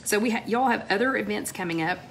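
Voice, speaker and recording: Chatty hoarse woman greeting viewers. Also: mid-range voice, quick pace, a little hiss or hum. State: slightly hoarse. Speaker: livestream host. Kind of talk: casual live-stream chat. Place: home, TV playing in the background.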